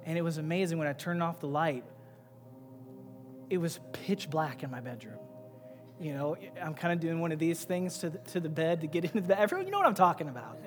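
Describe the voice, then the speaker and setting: A male pastor preaching a sermon, swinging between loud, emphatic passages and quiet, low asides. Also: animated, a little fast. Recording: long reverb with faint music behind.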